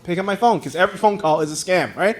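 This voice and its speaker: A man's voice: high voice, fast talker, background noise. A man from Taiwan, whose first language is Mandarin, doing a conversational stand-up comedy set in a comedy club. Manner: animated, conversational storytelling. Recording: live club recording with loud audience laughter.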